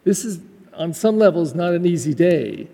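A man's voice: a little high, very animated, normal speed, vocal fry, mellow, long reverb tail. A man, a Catholic pastor, giving a graduation Mass homily in a church, talking in a heartfelt, conversational way with frequent restarts.

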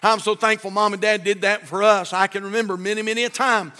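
A man's voice: high-pitched, fairly even intonation, fast, bright, forceful tone, big-room sound. An older man preaching a sermon from a church pulpit, in a folksy, fervent way with many repeats. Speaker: pastor.

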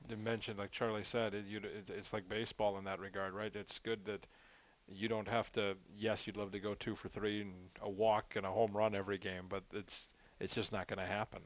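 A man's voice: fairly low pitch, flat delivery, a little fast, few pauses. A man co-hosting a casual sports talk show, chatting and recalling old hockey anecdotes. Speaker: co-host.

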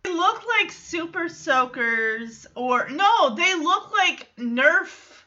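A woman hosting a podcast, recapping an episode in a casual, animated way, acting out the characters' lines and laughing often. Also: very high voice, takes it slowly, dull audio. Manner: animated storytelling, acts out quotes, laughs often. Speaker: podcast host.

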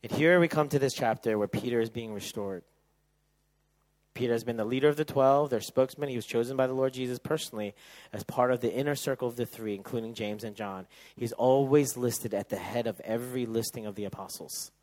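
Guy preaching a sermon, goes big and loud then drops to a hush, mid pitch. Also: a little fast, low-quality recording. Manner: dynamic, swings from loud emphatic to soft hushed. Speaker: pastor.

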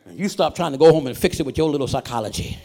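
A man's voice: a little high, animated, gravelly, mellow, a little hiss or hum. A middle-aged man preaching a sermon as a guest preacher, passionate and rhythmic, with repeated refrains and "uh" lead-ins. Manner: breaks into chanted delivery with drawn-out "uh" lead-ins.

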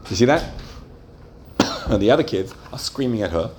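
A man's voice: medium pitch, lively intonation, normal speed, pauses often, a little mellow, slight background noise. A man giving a religious lecture to a live group, often asking them questions and checking that they follow. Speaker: religious teacher.

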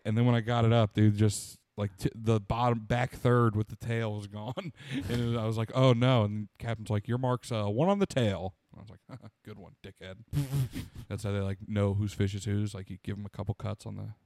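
A man's voice: lowish voice, fairly even intonation, fairly quick, darkish tone, dry recording, studio quality. A young man, a podcast co-host in casual chat, telling crude stories with lots of laughter and acted-out quotes. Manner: crude, laughing storyteller who acts out quotes.

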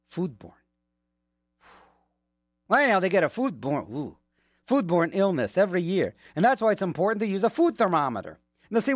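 A man's voice: sits high, no room sound. A man working as a radio DJ, chatting casually between songs with rambling, joking asides, from a studio mic.

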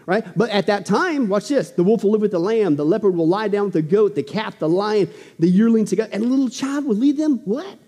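A man preaching a sermon in an animated, emphatic way with joking asides. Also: sits high, fairly quick, hardly any pauses, in a large hall.

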